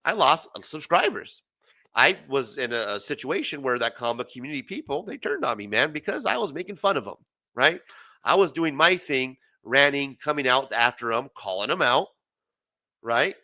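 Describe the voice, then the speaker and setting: A man's voice: medium pitch, big pitch swings, moderate pace, pushed and bright. A man hosting a late-night livestream, ranting in a profane, rambling way and laughing often, his voice tired and starting to fail. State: voice failing, tired. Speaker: livestream host.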